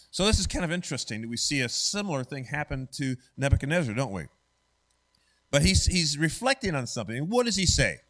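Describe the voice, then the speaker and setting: A man leads an adult Bible study in a church classroom. He talks conversationally and keeps checking in with the class. His voice sits at a middling male pitch. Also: fairly bright tone.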